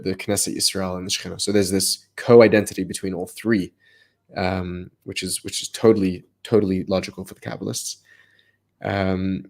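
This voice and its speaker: A man co-hosting a livestreamed text study talks energetically in an animated discussion, restarting phrases as his ideas build. His voice is low-pitched and darkish.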